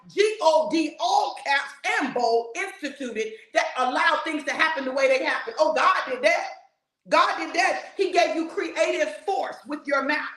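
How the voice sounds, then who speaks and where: A woman preacher, giving a sermon in a fiery, repetitive style, with bursts of shouting and laughter. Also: high voice, echoey room, low-quality recording.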